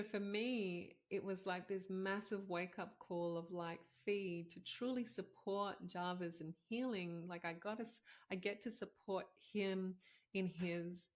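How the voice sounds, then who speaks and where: A woman in her thirties, a podcast host and doctor, telling a personal story in a heartfelt, conversational way with many fillers. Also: medium pitch.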